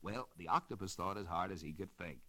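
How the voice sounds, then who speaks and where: A man narrating a children's story in an expressive storybook manner. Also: sits low, a little fast. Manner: animated, expressive storybook reading.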